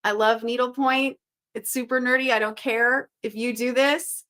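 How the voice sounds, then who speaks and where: A woman's voice: fairly high pitch, fairly even intonation, normal speed, a bit bright. A young woman hosting a live puzzle stream, chatting casually and reading out viewers' guesses with upbeat energy. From Western Canada.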